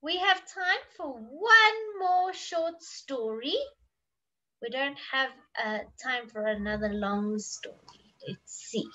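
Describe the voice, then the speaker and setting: A woman teacher reading stories aloud to children in an expressive, sing-song way, then signing off warmly. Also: high voice, slow pace. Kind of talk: story time reading to children.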